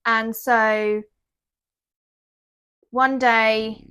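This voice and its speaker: A woman's voice: a little high, level tone, extremely slow, fairly bright tone, smooth. A woman, casually retelling a novel's plot on a podcast and quoting its characters. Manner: chatty retelling, quotes characters. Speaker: podcast co-host. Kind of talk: casual book chat.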